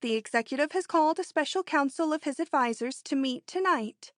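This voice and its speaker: A woman reading an audiobook, voicing a bold, excitable rich young woman in an eager, emphatic way. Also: brisk, no room sound, studio quality. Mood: confident. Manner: eager, emphatic, high-strung.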